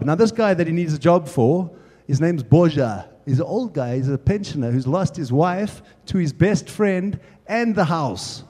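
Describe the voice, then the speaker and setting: A man's voice: fairly high pitch, animated, moderate pace, mellow. A man telling a casual, chatty story as part of a sermon. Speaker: preacher. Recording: echoey hall.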